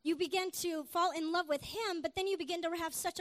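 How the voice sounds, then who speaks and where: A woman preacher giving a lively sermon, telling stories and calling out to her congregation. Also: very high-pitched, a little fast, few pauses. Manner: animated, exclaims hallelujah, calls to the congregation. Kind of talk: sermon with storytelling.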